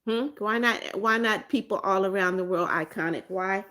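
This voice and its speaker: A woman's voice: mid-range voice, moderate pace, a bit bright. A middle-aged woman from the United States hosting a casual livestream, chatting and reading viewer comments aloud, often repeating greetings and names. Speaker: livestream host.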